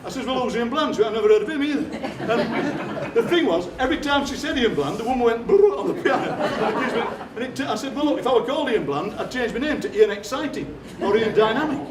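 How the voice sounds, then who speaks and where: This stage poet's voice is very high-pitched and quick, with few pauses, as he tells deadpan comic stories and plays out other people's lines for a live theatre crowd. Heard from a distance in a roomy hall, the clip has crowd noise and audience laughter.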